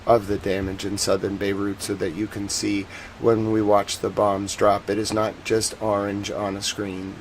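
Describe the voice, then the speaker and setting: A live-stream news host with a Boston accent and a fairly low voice casually discusses war footage, chatting with viewers and becoming soft and earnest on serious points. The audio is poor, with slight background noise.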